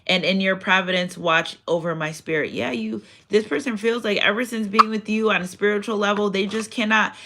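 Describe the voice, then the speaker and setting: A woman's voice: medium pitch, a bit bright. A woman giving a casual spiritual card reading, chatty and repetitive. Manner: chatty, repeats phrases, reads out affirmations. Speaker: tarot card reader.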